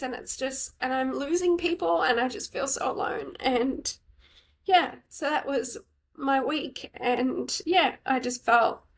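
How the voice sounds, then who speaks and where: A woman speaks through tears. She tells her story candidly, in halting phrases full of fillers and restarts, as a podcast co-host. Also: high voice, a bit bright. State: tearful. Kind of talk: emotional personal story in casual chat.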